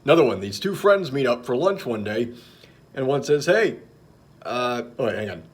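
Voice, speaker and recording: A man's voice: mid-range voice, sing-song, slight background noise. A young man talking casually on his vlog, telling jokes with lots of fillers and restarts. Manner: halting, many fillers and restarts, chuckles at own jokes. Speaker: vlogger.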